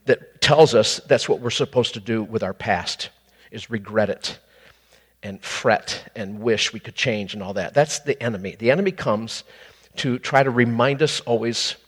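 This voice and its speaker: A man ministering to a couple in a conversational, animated preaching style, with sudden high exclamations. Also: slightly rough, long reverb tail.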